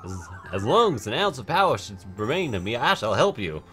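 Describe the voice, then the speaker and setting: A man's voice: medium pitch, sing-song, fairly quick, fairly bright tone, soft background music. A man voicing a solemn old man mentor in a grave, theatrical tone.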